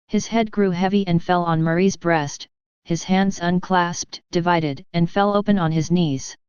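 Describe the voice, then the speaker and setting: A woman reading a classic novel aloud as an audiobook narrator, in a calm, measured manner. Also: on the low side, smooth, no echo. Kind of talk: scripted narration. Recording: dry, slightly muffled.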